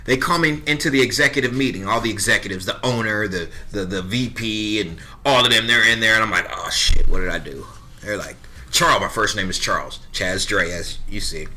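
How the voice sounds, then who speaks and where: A podcast guest in his thirties talks a little fast in a lowish voice that comes across as pushed and bright. He bluntly tells a story in casual chat, cursing freely and voicing both sides of the conversations he describes.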